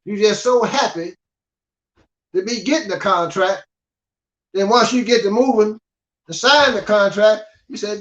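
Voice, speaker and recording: An older man with a high voice lectures in a gruff, scolding way and keeps checking that the listener follows. The recording sounds dull and lo-fi. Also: unhurried, long pauses, a bit bright. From United States. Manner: gruff, scolding, repeats "you understand?". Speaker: guest speaker. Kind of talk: blunt preaching monologue. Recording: dull lo-fi audio.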